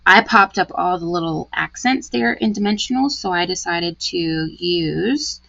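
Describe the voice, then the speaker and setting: A woman's voice: fairly low pitch, creaky, fairly bright tone, breathy edge, muffled recording. A woman giving a live craft tutorial, chatty and gushing as she talks through each step. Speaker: card-making demonstrator.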